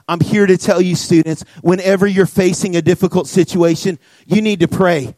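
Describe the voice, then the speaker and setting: A young man, a youth pastor, preaching to students and telling a personal story in an earnest, animated way with many casual fillers. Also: sits high, a little fast, hardly any pauses, no echo. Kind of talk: sermon to students. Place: church youth room.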